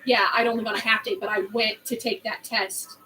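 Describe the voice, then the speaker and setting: A woman's voice: on the high side, little pitch movement, a little fast, pushed and bright, poor audio. A woman in her late twenties telling a story in a rambling, chatty way, full of "like". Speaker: vlog host. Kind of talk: casual storytelling chat.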